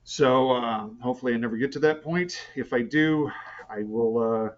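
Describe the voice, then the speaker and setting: A man's voice: mid-range voice, normal speed, a little hiss or hum. A man in a support group sharing his story on a video call, talking hesitantly with lots of fillers and restarts. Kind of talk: casual chat on a video call. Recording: slightly muffled call audio.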